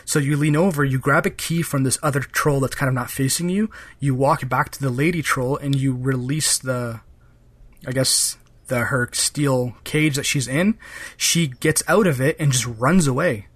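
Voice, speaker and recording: A man's voice: mid-range voice, normal speed, slightly rough. A man hosting a podcast, chatting casually about a game, his talk loose and full of fillers. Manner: rambling, full of "kind of" and "like" fillers. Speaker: podcast host. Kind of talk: casual chat.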